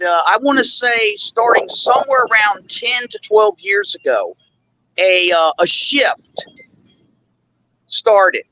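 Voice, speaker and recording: A man's voice: high voice, creaky, pushed and bright, poor audio. A male host telling a rambling, indignant story in a casual chat, full of fillers. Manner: blunt and indignant. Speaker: show host.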